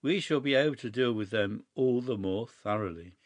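A man reading a story aloud, voicing a cool, mischievous young gentleman who speaks calmly and matter-of-factly. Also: medium pitch, moderate pace, no room sound, close to an everyday voice. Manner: calm, matter-of-fact, sly.

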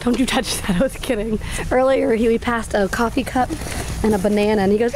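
A woman's voice: on the high side, fairly even intonation, a little fast, low-quality recording. A woman in her thirties filming her child, chatting and teasing her with playful questions. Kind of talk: casual family vlog chat. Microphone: handheld camera she is filming with. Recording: busy crowd noise behind. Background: crowd chatter.

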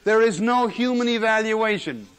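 An emphatic male lecturer with a fairly high voice, possibly older, teaching a class on general semantics. He hammers key words by repeating them. The sound is an old 1970s lecture recording. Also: normal speed, a bit bright, clean tone.

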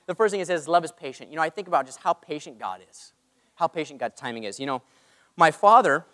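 A young man preaching a sermon in an animated way, joking about his own faults. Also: fairly high pitch, fast talker. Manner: animated, self-mocking asides. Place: large church hall. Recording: long hall reverb.

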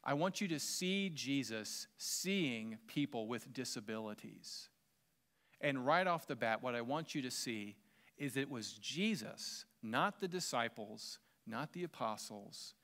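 A man with a Southern American accent delivers a sermon in an easygoing, conversational tone. He speaks at a middle pitch, addresses the congregation directly, and mixes in light humor. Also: lively intonation, unhurried, a bit bright. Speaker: pastor.

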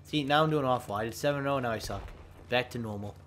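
A man's voice: medium pitch, fast. A young man casually chatting and swearing while playing an online shooter with friends, often laughing. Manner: excitable, swearing, laughing banter. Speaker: gaming channel host. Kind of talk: casual multiplayer gaming chat. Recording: noisy game audio behind voice.

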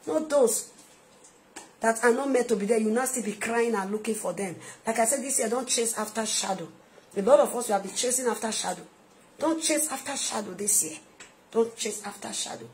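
A woman minister with a Nigerian accent, preaching an emphatic sermon-style video message that repeats its points and swings between soft asides and loud outbursts. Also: a little high, moderate pace.

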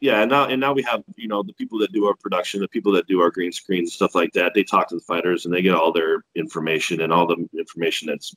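A man's voice: low-pitched, fairly bright tone, breathy edge, low-quality recording. A man who works as a ring announcer, telling stories in a laid-back, profane, self-deprecating way as a podcast guest. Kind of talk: casual podcast storytelling.

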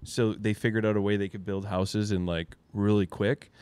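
A man's voice: on the low side, flat delivery, moderate pace, a little mellow, clear, resonant tone, no room sound. A man from Vancouver, a guest on a comedy podcast, explaining things in a laid-back, meandering way. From Canada, Vancouver. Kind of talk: casual comedic banter.

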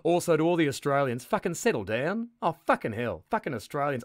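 A man's voice: a little high, big pitch swings, fairly quick, hardly any pauses. A man hosting a live text adventure game, narrating in a sardonic, mock-menacing, sweary way.

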